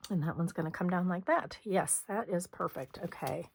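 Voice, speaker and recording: Hoarse-voiced woman chatting through a craft tutorial. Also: lowish voice, warm tone, a little hiss or hum. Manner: chatty, talks while working, frequent throat clearing. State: slightly hoarse. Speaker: scrapbooking host.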